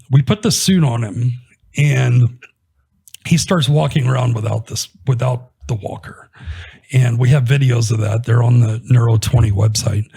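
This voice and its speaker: A man's voice: medium pitch, vocal fry, breathy edge. A man casually telling a story about a patient in an interview, retelling the conversations as he goes. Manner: conversational, animated retelling with quoted dialogue.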